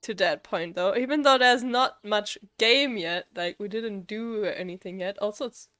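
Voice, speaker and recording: A woman's voice: medium pitch, moderate pace, fairly bright tone. A young woman streaming a game live, chatting casually and rambling with frequent laughs.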